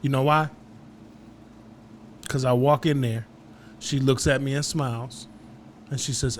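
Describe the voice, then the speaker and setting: A man's voice: mid-range voice, fairly even intonation, a little slow, pauses often, a little hiss or hum. Laid-back man co-hosting a podcast. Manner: laid-back, agreeable, laughs often. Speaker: podcast co-host. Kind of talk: casual chat.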